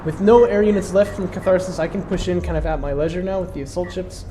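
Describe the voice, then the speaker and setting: A man's voice: high voice, fairly even intonation, fast, mellow, a little hiss or hum. A congested man casually commentating his own strategy game match, explaining his moves with plenty of fillers.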